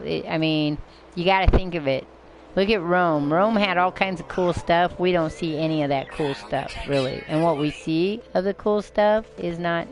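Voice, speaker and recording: Gravelly older woman streaming a game. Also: deep voice. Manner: rambling, chatting to herself and viewers, mild swearing. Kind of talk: live gameplay commentary. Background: game music.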